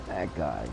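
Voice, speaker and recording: A man's voice: low-pitched, creaky, mellow, dull audio, a little hiss or hum. A man in his fifties hosting a gaming channel, chatting casually and telling blunt stories with frequent laughter. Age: 50s. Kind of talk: casual chat while gaming.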